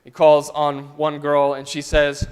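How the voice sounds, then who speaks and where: A man preaching in a church sanctuary, telling a story in a smooth, resonant voice that sits a little high for a man. He shifts between loud and soft passages as he tells it, and long church reverb rings after each phrase. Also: monotone, a little slow. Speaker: pastor. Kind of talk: storytelling sermon.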